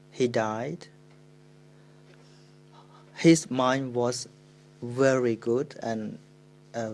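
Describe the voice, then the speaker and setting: A Buddhist monk with a Khmer accent, giving a dharma talk in English and telling a story with pauses and self-corrections. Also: male voice, mid-range voice, poor audio.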